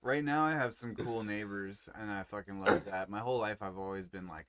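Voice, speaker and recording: A man talks loosely on a podcast, wandering between thoughts and cursing casually. His voice sits a little low but has a bright edge. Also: brisk, few pauses, clear, resonant tone. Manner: loose, profane, rambling. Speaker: podcast co-host. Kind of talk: casual chat.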